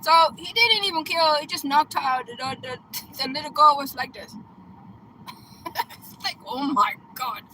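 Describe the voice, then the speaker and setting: A woman coach casually retelling a film plot in an excitable, chatty way, laughing and breaking into loud exclamations. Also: sits high, normal speed, long pauses, slight background noise, poor audio. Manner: chatty, checks in with "right?" and "okay?".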